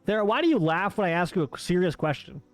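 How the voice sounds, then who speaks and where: A man's voice: high voice, sing-song, fast talker, faint music behind. A man streaming a game live, bantering and joking with his chat in a playful, teasing way.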